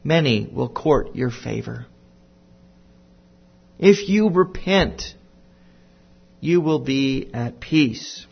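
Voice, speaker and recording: A man teaching a Bible lesson to children, telling it slowly and deliberately with playful asides. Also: medium pitch, animated, vocal fry, breathy edge, highs cut off.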